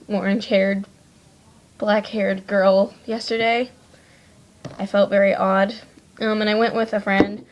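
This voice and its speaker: A teenage girl chatting casually to her webcam while wiping off her makeup, rambling with lots of likes and ums. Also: mid-range voice. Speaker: vlogger. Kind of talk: casual chat to camera.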